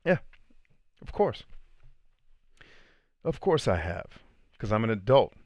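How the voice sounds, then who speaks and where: A man's voice: fairly low pitch, big pitch swings, slow, no echo, muffled recording. A man hosting a live podcast stream, reading comments and giving blunt, preachy opinions. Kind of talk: livestream chat.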